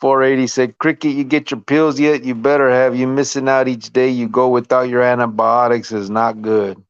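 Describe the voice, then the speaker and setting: A man's voice: medium pitch, little pitch movement, normal speed, clear, resonant tone, no echo. A man hosting a casual podcast, laid-back, reading viewer comments aloud and laughing often. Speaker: podcast host. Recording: dry, slightly dull lo-fi sound.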